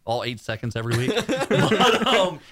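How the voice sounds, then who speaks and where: A man co-hosting a podcast, telling stories in a casual, animated way and breaking into loud impressions. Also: fairly high pitch, moderate pace, noisy background. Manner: animated storyteller, does loud shouting impressions. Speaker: podcast co-host. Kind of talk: casual chat.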